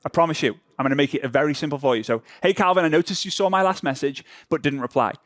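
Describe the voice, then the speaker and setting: A man's voice: a little high, very fast, a bit bright, dry recording. A man teaching a workshop with a slightly raised voice. He is playful, acting out the little reactions people have while texting. The sound is dry and close. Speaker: workshop presenter.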